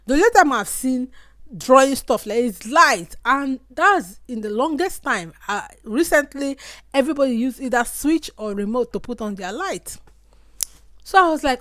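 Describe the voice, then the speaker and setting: Nigerian woman, Nigerian accent, young adult, casual vlog monologue, Pidgin asides, fairly high voice, dry close sound. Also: lively intonation, moderate pace, a bit bright, no echo. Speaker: vlogger.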